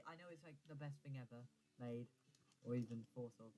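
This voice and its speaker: A man's voice: mid-range voice, fast talker. A man giving casual, rambling gameplay commentary as a gaming streamer, often correcting himself and stumbling over words. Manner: rambling, self-correcting, stammers when flustered.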